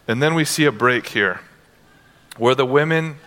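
A man's voice: medium pitch, moderate pace. A man preaching a conversational sermon, acting out scenes with casual modern dialogue. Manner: animated, acts out Bible scenes in casual modern talk. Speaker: pastor. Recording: long hall reverb.

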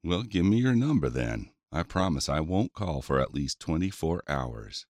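A flirty, deep-voiced cowboy. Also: male voice, very animated, moderate pace, a little mellow, dry recording, clean studio sound. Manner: folksy, teasing cowboy talk. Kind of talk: audio drama acting.

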